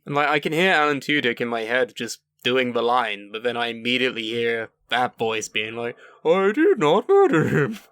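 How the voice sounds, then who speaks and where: A man's voice: mid-range voice, fairly even intonation, fairly quick, hardly any pauses, sharp tone, smooth, no room sound. A man co-hosting a casual podcast chat, making dry, profane jokes. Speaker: podcast co-host.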